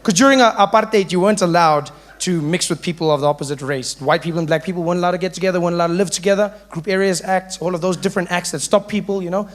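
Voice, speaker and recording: A man's voice: high-pitched, racing, hardly any pauses. A male stand-up comedian with a South African accent telling a playful story.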